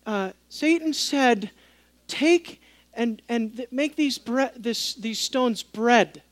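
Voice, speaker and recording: A man preaching a sermon as pastor, swinging between quiet asides and raised, emphatic passages, asking the congregation questions and speaking in the voices of people from the text. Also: very high-pitched, slow, dry recording. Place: church.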